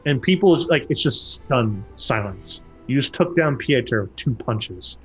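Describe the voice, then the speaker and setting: A man narrating a tabletop game as game master, who breaks into loud, high voices for the characters. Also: a little slow, faint music behind. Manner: lively, acts out characters with loud jumps in pitch.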